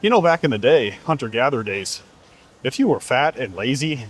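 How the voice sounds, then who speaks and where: Man, fitness coach, husky voice, very lively pitch, blunt and profane. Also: moderate pace, long pauses. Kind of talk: motivational monologue.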